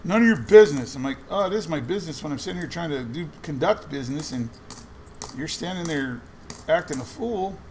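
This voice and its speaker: Going through coin rolls for his vlog, a man shares a meandering, casual anecdote and quotes other people's lines as he goes. He speaks fairly quickly and expressively in a slightly high voice, with a bit of hiss or hum in the recording.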